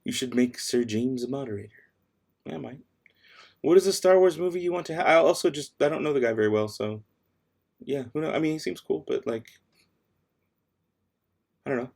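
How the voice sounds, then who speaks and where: On a late-night livestream from home, a man who has kids chats casually, reading out viewer questions and tossing back offhand, sassy answers between tasks. His voice sits at medium pitch, animated and a bit quick, gravelly yet a little mellow, and he pauses often.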